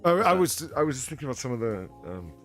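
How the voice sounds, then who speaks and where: A man hosts a relaxed chat stream, reading out viewer messages between banter. His pitch swings widely and his tone is bright. Faint music plays underneath. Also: fast. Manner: chatty, reads viewer messages aloud. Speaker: podcast host reading donations. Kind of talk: casual chat.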